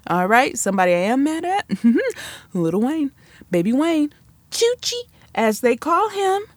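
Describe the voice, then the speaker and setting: A woman's voice: high voice, very animated, measured pace, dry recording. Sassy chatty woman podcast host. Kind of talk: casual solo commentary.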